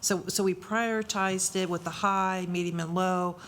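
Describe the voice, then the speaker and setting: Woman calmly explaining costs. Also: fairly low pitch, moderate pace, slight background noise. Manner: matter-of-fact explaining of costs. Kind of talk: meeting discussion.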